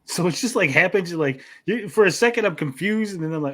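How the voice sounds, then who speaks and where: A man hosting a casual podcast chat, swearing freely and retelling scenes with quick quoted voices. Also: high-pitched, animated, a bit bright. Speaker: podcast host.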